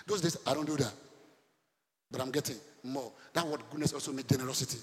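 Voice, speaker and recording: A man preaching a sermon to a congregation, animated, quizzing his listeners and breaking into laughter and loud outbursts. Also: mid-range voice, fast talker. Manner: animated preaching, sudden shouts and laughs, asks the congregation questions. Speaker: pastor. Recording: long hall reverb.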